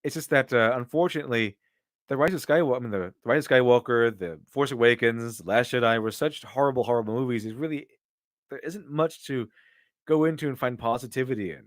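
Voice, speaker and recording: A man's voice: mid-range voice, quick pace, no room sound, clean studio sound. A man doing casual live-stream commentary and answering viewer donations, with rambling, opinionated talk full of restarts.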